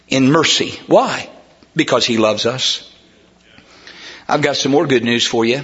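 A man preaches a sermon in a church, his voice high and ringing with brightness. He swings from soft, hushed lines to emphatic shouting. The recording is muffled and lo-fi. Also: slow, long pauses. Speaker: pastor. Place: church sanctuary.

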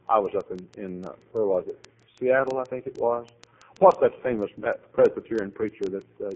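A man preaching a sermon, rambling through anecdotes and building to loud exhortation. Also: fairly low pitch, muffled recording. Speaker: pastor.

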